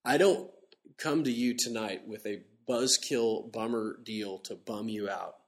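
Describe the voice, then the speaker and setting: A middle-aged man preaching a sermon in a lively, conversational way, slowing down to read scripture with emphasis. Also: fairly low pitch. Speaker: pastor. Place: church.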